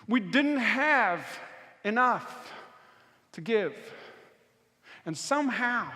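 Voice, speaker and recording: High, bright-voiced preacher in a reverberant hall. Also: male voice, lively intonation, a little slow, pauses often. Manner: storytelling, vivid, swings between intense and hushed. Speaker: pastor. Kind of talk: sermon. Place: church auditorium.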